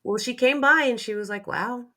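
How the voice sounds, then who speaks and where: A woman's voice: on the high side, fairly quick, fairly bright tone, slight background noise. A woman real estate agent chatting on a video call, hesitant and full of fillers. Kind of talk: casual chat.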